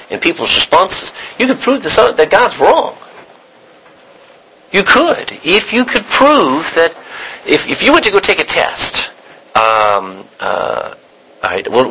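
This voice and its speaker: A man teaching a Bible study class, animated and questioning his students. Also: on the high side, husky, poor audio.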